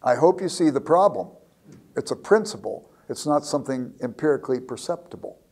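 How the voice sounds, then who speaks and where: A man's voice: mid-range voice, expressive, fairly quick, darkish tone, breathy edge. A man giving a lecture, telling a classroom anecdote and often repeating words as he starts a thought. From United States. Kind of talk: storytelling lecture.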